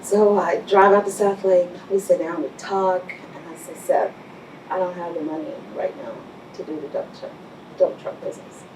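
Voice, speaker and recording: A blunt middle-aged woman from Texas tells her business story in an interview, voicing everyone in it. Her voice sits low for a woman. It is picked up from a distance in an echoey room with a faint hiss underneath. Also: moderate pace. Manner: blunt, animated storyteller acting out dialogue. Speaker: guest business owner. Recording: roomy, distant mic with faint background hiss.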